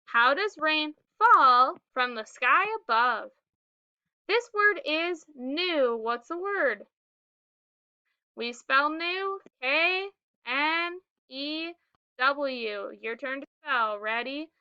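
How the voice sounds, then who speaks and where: A woman teaching phonics, speaking very slowly and sounding out each word so young children can follow. Her voice sits high and bright. The recording is dry and a little dull. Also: animated, dry recording. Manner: slow, clearly sounded-out words with prompting cues.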